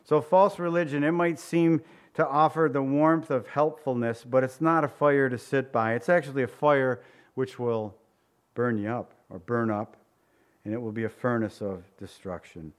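A middle-aged pastor preaching a sermon in a conversational way, mixing humorous personal stories with scripture. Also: male voice, mid-range voice, fairly even intonation, normal speed.

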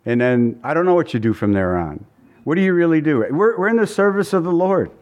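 Male pastor preaching, kinda higher voice, chatty and earnest, repeats stuff for emphasis. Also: expressive, a little mellow, highs cut off. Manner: earnest, conversational preaching with repeated phrases and asides; reads scripture in a slower, lower voice. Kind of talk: sermon.

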